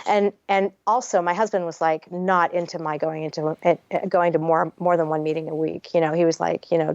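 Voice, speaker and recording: In a lowish voice with fairly even intonation and a slightly fast pace, a woman author recounts her personal story on a podcast, frank, chatty and full of swearing. The sound is dry and slightly dull, with no room sound.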